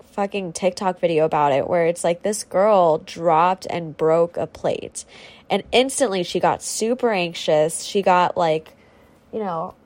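A woman's voice: on the low side, a little mellow. A young woman hosting her own podcast, rambling and ranting casually with lots of fillers and swearing, on a faulty home microphone. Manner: chatty, swears freely, rambling with many fillers. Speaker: podcast host. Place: at home with a squeaky chair.

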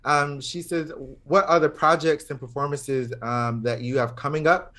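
A man's voice: a little high, steady tone, normal speed, pushed and bright. A man from Georgia in the American South, hosting a casual podcast chat, playful and teasing. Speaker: podcast host.

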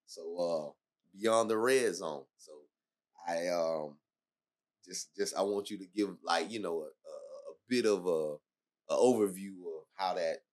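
A man's voice: low-pitched, unhurried, darkish tone. A man hosting a podcast who asks rambling, hesitant questions full of restarts. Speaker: podcast host. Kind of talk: casual interview talk.

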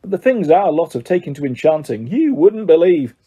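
A man's voice: fairly high pitch, very animated, fairly quick, mellow, breathy edge. A man doing a tired, flustered wizard dad. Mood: weary, flustered. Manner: tired, mumbling, then flustered. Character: mild, flustered middle-aged wizard father.

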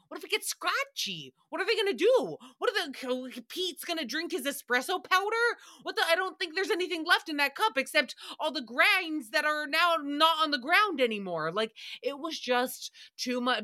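Bright-voiced woman ranting casually. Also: fairly high pitch. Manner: rambling, profane, exasperated. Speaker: podcast recap host. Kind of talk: casual solo recap chat.

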